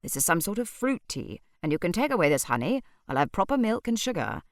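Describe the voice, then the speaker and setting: A woman voicing a gruff, irritable older man with a commanding, barking way of talking. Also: mid-range voice, sing-song, brisk, dry recording, studio quality, pitched above the performer's own voice, natural voice. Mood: irritated.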